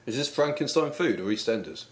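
A man with a mid-range voice plays a quiz contestant. He talks in a dry, skeptical way and picks holes in how the questions are written. His banter is deadpan and unhurried. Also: mid-range voice, slight background noise. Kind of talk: comedy banter.

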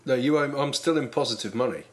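A man's voice: medium pitch, fast talker. A man as a contestant in a comic podcast bit, dry and exasperated in his questions.

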